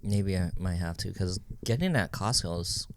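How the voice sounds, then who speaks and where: A man's voice: low-pitched, animated, normal speed, noisy background. A man co-hosting a podcast in casual chat, loose and rambling, laughing often. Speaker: podcast co-host.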